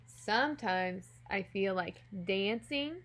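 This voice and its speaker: A woman teacher reading a children's picture book aloud, gently and expressively, talking directly to young listeners. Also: medium pitch, animated, slow. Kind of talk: children's storybook read-aloud.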